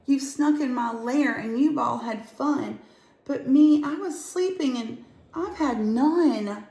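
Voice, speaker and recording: A woman's voice: sits high, slow pace, vocal fry, warm tone, pitched above the performer's own voice, exaggerated voice. A woman voicing a big, sleepy male bear in a storybook, complaining in a whiny, sulky way. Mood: grumbling. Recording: echoey room.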